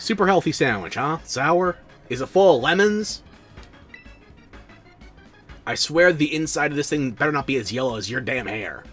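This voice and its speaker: A man's voice: on the high side, expressive, moderate pace, pauses often, a bit bright, breathy edge. Sleepy guy doing a lets-play, dry jokes at the game, voice bobs up and down a lot, faint music under him. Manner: sleepy, sarcastic asides to the game. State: tired and yawning. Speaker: streamer playing a video game. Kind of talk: casual let's-play commentary.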